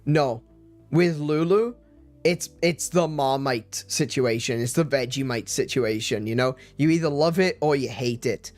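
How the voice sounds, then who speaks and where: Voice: medium pitch, measured pace, a little mellow, soft background music. A stream host chatting casually, often restarting sentences and laughing.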